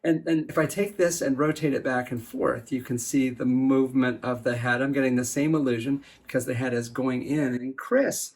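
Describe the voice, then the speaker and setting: A man's voice: mid-range voice, steady tone, normal speed, hardly any pauses, darkish tone. An enthusiastic man presenting a science demonstration, explaining optical illusions to a partner. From USA. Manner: enthusiastic, upbeat.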